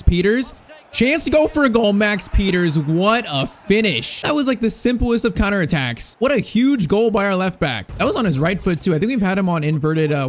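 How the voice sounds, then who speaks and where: A young man giving casual, excitable play-by-play of his own football video game, anxious and full of slang. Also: on the high side, a little hiss or hum. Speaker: gaming YouTuber. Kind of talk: casual gameplay commentary.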